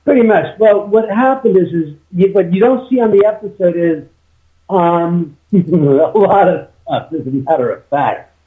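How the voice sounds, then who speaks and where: A man's voice: high-pitched, a little slow. A man as an interview guest, telling a long story with many restarts and quoted dialogue. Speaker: guest, homeowner. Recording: tinny phone line.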